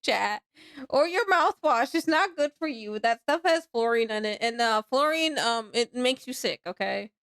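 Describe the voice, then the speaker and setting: High-voiced young woman, casual live streamer at her home desk, laughs a lot and squeals. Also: animated, moderate pace, fairly bright tone, smooth. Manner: laughs a lot, squeals when startled, then drops to mumbling.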